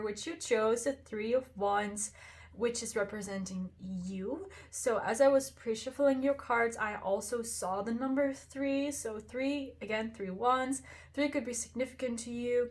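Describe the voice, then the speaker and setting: A woman hosting a pick-a-card tarot reading, talking straight to the viewer in an effusive, reassuring way and often exclaiming over the cards. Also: fairly high pitch. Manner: warm, reassuring address to the viewer. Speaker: tarot reader, channel host.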